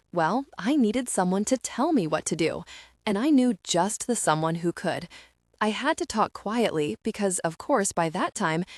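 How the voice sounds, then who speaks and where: A woman's voice: on the low side, no room sound, studio quality. A young woman reading a first-person young adult audiobook in a wry, confiding and emotional way. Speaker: audiobook narrator.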